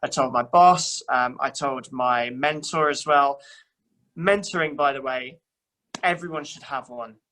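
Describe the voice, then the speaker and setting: Bright-voiced young man chatting. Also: medium pitch, measured pace, rough recording. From England. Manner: chatty and self-deprecating, many fillers and restarts. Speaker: church youth worker. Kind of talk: casual chat.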